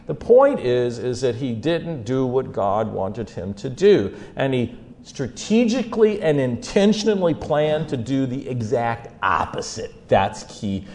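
Brief: male preacher with a gravel-edged voice who tells scripture stories with dramatic volume swings. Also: sing-song, a little slow. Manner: storytelling, swings from low asides to loud emphatic peaks. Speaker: speaker teaching on faith and mental health. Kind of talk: animated Bible-story sermon.

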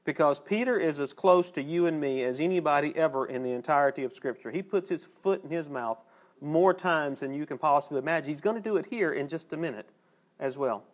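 A man delivers a sermon, his voice sitting a little high. He talks to the congregation conversationally and slows down to stress key phrases. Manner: folksy, conversational preaching with emphatic pauses. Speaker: preacher.

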